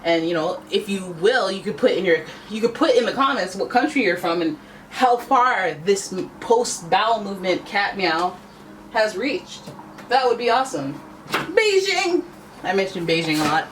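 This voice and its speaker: A woman's voice: moderate pace, a little hiss or hum. A woman giving a casual tarot reading to camera, chatty and playful, often jumping into asides and making her voice jump up on exclamations. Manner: animated, pitch often jumps up on exclamations. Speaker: tarot reader.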